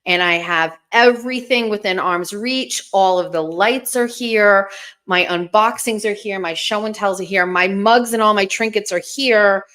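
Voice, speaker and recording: A woman hosts a casual livestream, talking loosely and playfully to her viewers. Her voice sits at a middling pitch for a woman. She speaks into a desk microphone in a bare bedroom at home. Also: a little slow, a bit bright. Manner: chatty, playful, greets viewers with meows. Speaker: livestream host.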